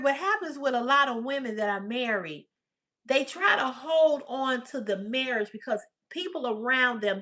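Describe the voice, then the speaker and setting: A woman's voice: high voice, pushed and bright. A woman hosting a livestream, talking back to her chat in casual, blunt, profane commentary. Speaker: livestream host.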